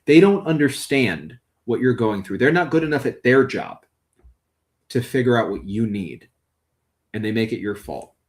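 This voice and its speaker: A man's voice: mid-range voice, expressive, moderate pace, close to an everyday voice. A man voicing a caring, blunt partner in a tabletop game, speaking earnestly and swearing often. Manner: earnest, blunt and profane, tender. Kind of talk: tabletop role-play in character.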